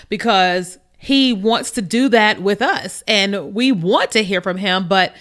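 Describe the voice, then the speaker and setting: A woman's voice: mid-range voice, a bit bright. A woman hosting a faith podcast, talking casually to viewers and acting out little back-and-forth dialogues. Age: adult. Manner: conversational, repeats "you know what I mean", acts out little dialogues. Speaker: podcast host. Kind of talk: casual faith talk to camera.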